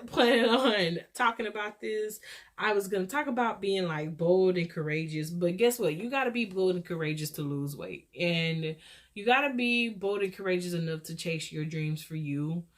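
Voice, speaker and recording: A woman with a Texas accent hosting her own show, rambling through an encouraging, preachy pep talk. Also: medium pitch. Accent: Texan. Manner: scattered, rambling. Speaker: podcast host. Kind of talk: rambling solo chat.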